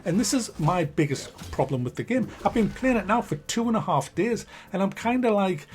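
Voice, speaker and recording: A man giving a blunt, animated spoken review of a video game, swearing freely. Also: fairly high pitch, moderate pace, slightly rough, faint music behind.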